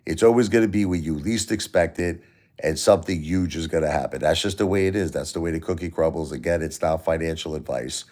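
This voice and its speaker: A man's voice: extremely low pitch, fairly quick, a little mellow. A middle-aged man hosting a casual livestream, talking bluntly, swearing freely and asking rhetorical questions. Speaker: livestream host. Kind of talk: casual livestream talk about stocks.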